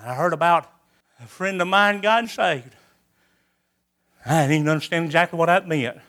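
A man giving a sermon as a testimony, his voice sitting high and sounding bright and forceful. He tells his story in a folksy, homespun way, circling back to the same phrases for emphasis. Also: moderate pace.

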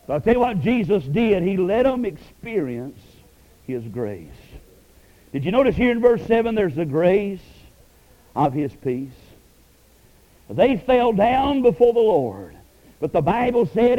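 High-voiced preacher on lo-fi radio. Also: male voice, expressive, a little slow. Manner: rises and falls sharply, dropping to a hush on key words. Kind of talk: sermon. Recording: dull lo-fi radio broadcast.

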